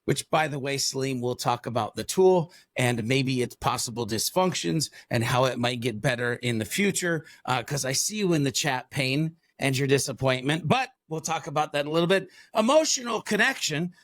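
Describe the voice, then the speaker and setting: A man's voice: mid-range voice, normal speed, few pauses, fairly bright tone, dry recording, clean studio sound. A man co-hosting a podcast, talking energetically and rambling a bit, with plenty of fillers. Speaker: podcast co-host. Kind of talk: enthusiastic podcast talk.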